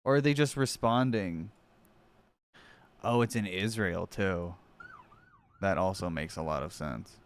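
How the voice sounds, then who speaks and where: A man's voice: low voice, measured pace, long pauses. A young man streaming and reacting to videos, talking to his chat in a profane, sarcastic way. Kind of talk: casual live-stream commentary.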